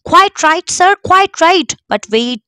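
A woman's voice: very high voice, no echo, voice pushed up, full character voice. A woman voicing a fawning shopkeeper man. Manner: gushing, flattering, quick to bow and scrape. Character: fawning excitable male shop proprietor, middle-aged.

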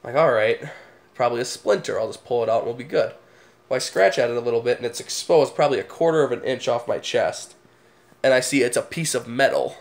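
A man's voice: mid-range voice, expressive, fast. A young man, casually telling funny stories to the camera and laughing at them. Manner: laid-back, laughs at his own stories. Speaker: vlogger.

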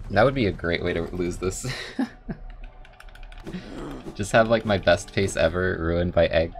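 A man commenting casually on his own speedrun as he plays, chatty and full of "like" fillers, with loud bursts of excitement. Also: low voice, moderate pace, long pauses, a little hiss or hum. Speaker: speedrunner streaming a game run. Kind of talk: casual live gameplay commentary.

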